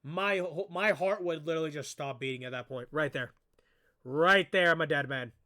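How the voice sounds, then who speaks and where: A man giving a casual reaction commentary as a streamer, excitable and rambling, talking straight to his viewers. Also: fairly high pitch, normal speed.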